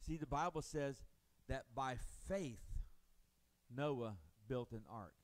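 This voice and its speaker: A man preaching a sermon as pastor, rising into loud passionate swells and dropping low, acting out the voices of doubters. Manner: preaching with swells of volume and dramatic pauses; acts out voices of doubters and biblical figures.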